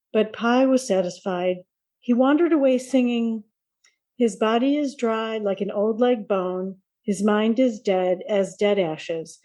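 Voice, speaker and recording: A woman reads a story aloud at a very slow, careful pace. Her tone is mellow and dark, with a steady, measured delivery. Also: medium pitch. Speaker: podcast participant reading aloud.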